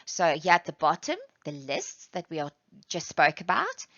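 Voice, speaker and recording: Woman teacher from South Africa, lowish bright voice, patient step-by-step explainer; dry, lo-fi recording. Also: big pitch swings, no room sound. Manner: patient, explains step by step, reads examples aloud slowly. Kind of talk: classroom lesson. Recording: dull, lo-fi sound.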